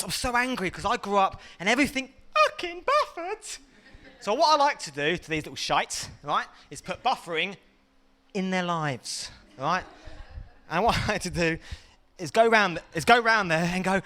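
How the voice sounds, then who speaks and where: A man's voice: high-pitched, sing-song, moderate pace, pushed and bright. A man with an English accent doing a stand-up comedy set, rambling and self-mocking, laughing often. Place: small hot enclosed room.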